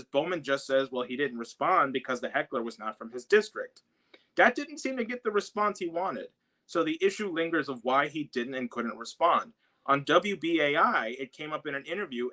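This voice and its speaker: A man's voice: a little high, bright, forceful tone. A man from the South Bronx, telling a story in casual podcast talk, with many fillers and restarts. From South Bronx, New York. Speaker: guest, activist who confronted a congressman.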